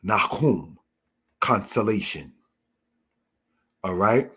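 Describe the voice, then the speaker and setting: A man with a low, husky voice gives a scripture lesson at an unhurried pace. He explains each word patiently and keeps calling his listeners brothers and sisters. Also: expressive, pushed and bright. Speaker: Torah teacher. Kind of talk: slow spoken Bible lesson.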